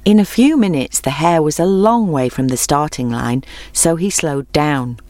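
A woman with a lowish voice reads a storybook aloud, measured and expressive. The recording is close and dry, with no room sound. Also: no echo.

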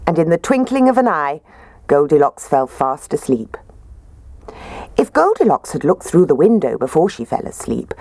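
Woman storyteller, low voice with lively, swooping pitch, dry close sound. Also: no echo. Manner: expressive, gently animated reading. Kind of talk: reading a children's story aloud.

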